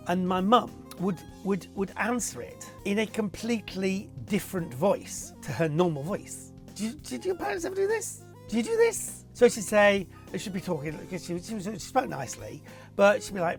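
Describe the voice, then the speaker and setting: A man's voice: high voice, big pitch swings, normal speed, soft background music. A middle-aged man from Warrington, England, a TV property presenter answering viewer questions in a chatty, rambling, self-deprecating way from his home office. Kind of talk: casual to-camera Q&A.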